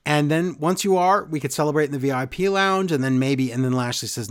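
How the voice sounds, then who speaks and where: Animated man retelling a show. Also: on the high side, a little fast, hardly any pauses. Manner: animated storyteller, mimics people in quotes. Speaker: podcast co-host recapping wrestling. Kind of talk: casual chat.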